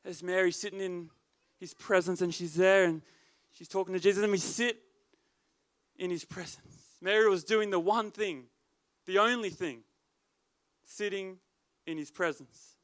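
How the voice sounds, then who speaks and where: A man gives a sermon as youth leader in a high, bright voice. He preaches emphatically, driving his points home by repeating them, and his tone stays smooth and clear. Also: steady tone, measured pace.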